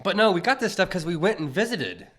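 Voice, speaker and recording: A man's voice: sits high, big pitch swings, quick pace, fairly bright tone. Man co-host, casual chat, playful banter, swoops up and down a lot.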